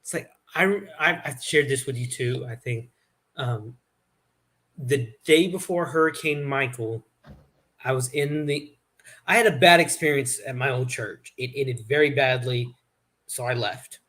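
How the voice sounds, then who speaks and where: A man's voice: mid-range voice, measured pace, a bit bright. A man hosting a casual chat, telling rambling stories with many restarts. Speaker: host.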